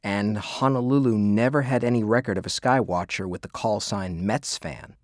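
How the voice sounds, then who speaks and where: A woman voicing a calm interviewer who asks quiet, measured, probing questions. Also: rumbling low, no room sound, clean studio sound, pitched below the performer's own voice.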